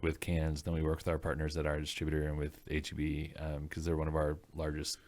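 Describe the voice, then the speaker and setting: A man answers interview questions in a measured, steady way with frequent ums. His voice is very deep and keeps a flat, even tone. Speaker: head brewer, guest.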